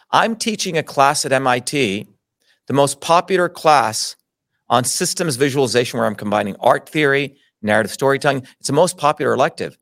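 A middle-aged man being interviewed tells his own story, indignant and emphatic, swearing constantly. His medium-pitched, fairly bright voice moves at a moderate pace, recorded dry with clean studio sound.

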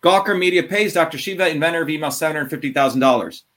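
A man ranting combatively in an interview, profane and heated, swinging between fast bursts and drawn-out words. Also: on the high side, fairly bright tone. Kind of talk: impassioned interview talk.

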